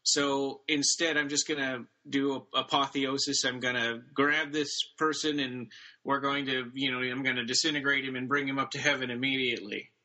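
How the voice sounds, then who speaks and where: A man's voice: medium pitch, little pitch movement, normal speed, bright, forceful tone, low-quality recording. A man briefly voicing an offhand angel in his own everyday voice while retelling a story. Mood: matter-of-fact. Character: weary angel just doing its job.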